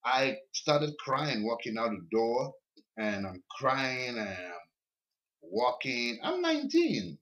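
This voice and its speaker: Guy telling a story on a podcast, gets animated, repeats himself a lot, average pitch. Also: takes it slowly. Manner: animated, repeats words while recounting. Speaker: podcast guest. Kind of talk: casual storytelling. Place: basement.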